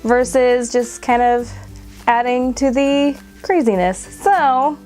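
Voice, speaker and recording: A woman's voice: on the high side, takes it slowly, a little mellow, soft background music. A woman in her twenties talking casually to camera, emotional and close to tears, with laughs between her words. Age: 20s. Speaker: vlogger.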